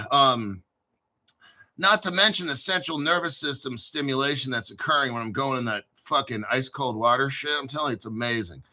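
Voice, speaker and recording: A middle-aged man with a New Jersey accent, hosting a casual crypto talk show in an excitable, profane, rambling way. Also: mid-range voice, normal speed. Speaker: crypto channel host. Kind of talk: casual livestream chat.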